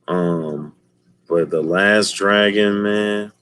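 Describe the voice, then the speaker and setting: A man streaming and chatting casually with his viewers, telling stories in an animated way and laughing often. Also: fairly low pitch, extremely slow, smooth. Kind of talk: casual chat.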